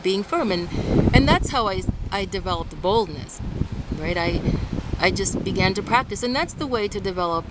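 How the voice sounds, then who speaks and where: A woman from Ecuador vlogging casually outdoors in the rain and wind, rambling and restarting her sentences. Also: mid-range voice. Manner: rambling, restarts often, animated when quoting others. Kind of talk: casual talk to camera. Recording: faint outdoor traffic noise.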